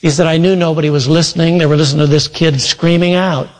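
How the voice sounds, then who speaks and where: A preacher with a slightly high voice tells a long story in an earnest sermon, giving voice to each person in it. His words ring out with a long reverb through a large church hall. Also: steady tone, fast. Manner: retells a story with many quoted voices, earnest. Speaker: pastor.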